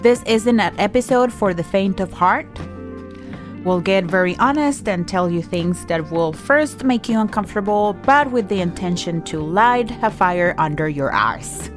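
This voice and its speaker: Frank podcast host with an accent. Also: female voice, mid-range voice, expressive, a little slow, over music. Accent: non-native English. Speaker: podcast host, social media and branding strategist. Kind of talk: casual co-hosted podcast chat.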